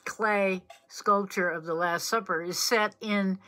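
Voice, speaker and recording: A woman's voice: mid-range voice, fairly even intonation, measured pace, pushed and bright. A woman co-hosting a casual museum video, chatting playfully and teasing her partner, and at times reading a poem aloud. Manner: playful, teasing, jumps in to finish points.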